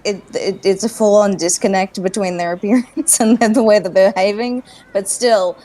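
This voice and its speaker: A woman's voice: medium pitch, fairly even intonation, normal speed, warm tone. A woman player whose mid-range voice stumbles through her thoughts with small laughs. She talks casually, in a hesitant way. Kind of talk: casual tabletop play.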